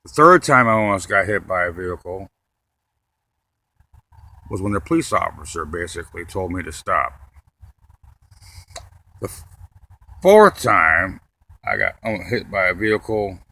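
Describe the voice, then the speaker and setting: Bright-voiced man doing a rambling stand-up set. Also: deep voice, unhurried, long pauses. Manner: rambling, deadpan delivery with frequent cursing. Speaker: stand-up comedian.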